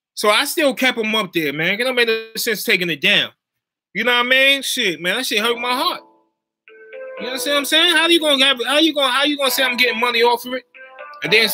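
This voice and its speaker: A man with a strikingly bright, sharp voice chats loosely with his stream viewers. His talk is slangy and animated, and he keeps looping back to check that they follow him. Faint music plays underneath. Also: extremely high pitch. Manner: slangy, animated, keeps checking in with "you know what I mean". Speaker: YouTuber live-chatting with viewers. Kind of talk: casual livestream chat.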